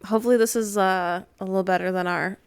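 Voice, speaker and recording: A woman's voice: medium pitch, steady tone, quick pace, clear, resonant tone, no echo. A young woman co-hosting a podcast in casual chat, giving brief reactions and an upbeat sign-off. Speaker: podcast co-host.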